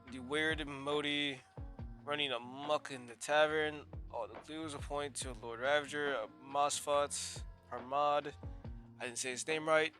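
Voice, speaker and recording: A man streaming a game, reading the text aloud while sick, stumbling and correcting himself. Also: on the high side.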